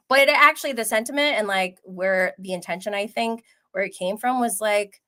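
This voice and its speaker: A woman's voice: a little high, brisk. A young woman hosting a livestream, chatting casually and gossiping about reality TV, acting out what people said and swearing freely. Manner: gossipy, animated, swears freely, acts out quotes. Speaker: livestream host recapping reality TV.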